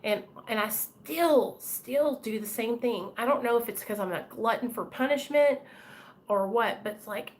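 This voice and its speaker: A woman's voice: on the high side, measured pace. A woman chatting candidly with her live-stream viewers, talking straight to commenters by name. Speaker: vlogger talking to live chat. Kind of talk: casual live-stream chat.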